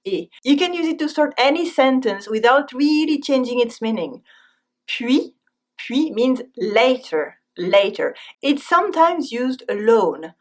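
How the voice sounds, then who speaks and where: A woman with a French accent giving a scripted language lesson, saying example phrases twice and then translating them. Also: fairly high pitch. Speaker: French teacher.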